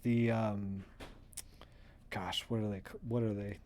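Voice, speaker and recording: A man streaming as he colors comic art, chatting casually in a rambling, excitable way with many fillers. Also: lowish voice, measured pace, slight background noise. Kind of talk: casual livestream chat.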